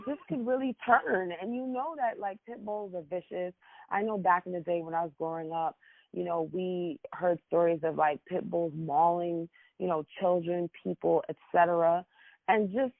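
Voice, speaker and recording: Panelist, male, blunt and animated, dry tinny phone-like sound. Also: sits high, moderate pace, gravelly, no echo. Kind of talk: casual talk show chat.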